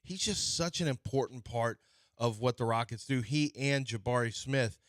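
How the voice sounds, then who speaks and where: A man hosting a sports radio show, talking in an animated, playfully argumentative way. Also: medium pitch, normal speed, no echo, studio quality. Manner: animated, playfully argumentative, jumps between topics. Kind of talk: casual sports talk banter. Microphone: studio mic.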